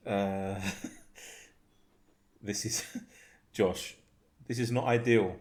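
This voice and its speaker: A man hosting a podcast with a fairly low voice, chatting loosely and cracking up often. He swears freely and reads messages aloud in a joking, offhand way. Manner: swearing, laughing, reading chat messages aloud. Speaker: podcast host. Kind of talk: casual chat.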